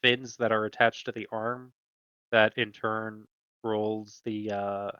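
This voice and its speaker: A man narrating a tabletop game as game master, slow and halting with many fillers. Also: on the low side, level tone, bright, forceful tone, clean tone, no room sound, highs cut off.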